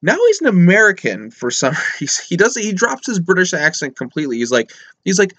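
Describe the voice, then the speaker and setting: A man's voice: sits high, very animated, a little fast, a bit bright, no echo. A man casually reviewing a film, rambling and chatty, with sarcastic asides. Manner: rambling and conversational, full of fillers and asides; sarcastic mock voices when quoting characters. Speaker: movie reviewer.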